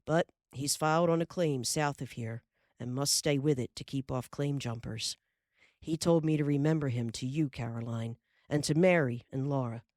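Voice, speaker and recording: A woman's voice: extremely low pitch, normal speed, a little mellow, no room sound, clean studio sound. A woman doing a folksy pioneer father. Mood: lively. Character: hearty frontier father, middle-aged man.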